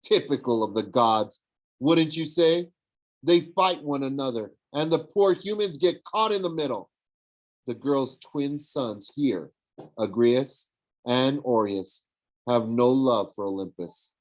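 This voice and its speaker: A man's voice: mid-range voice, animated, slow, low-quality recording. A man doing a smug young villain. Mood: mocking. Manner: sneering, mocking. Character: smug young male villain, mocking and persuasive.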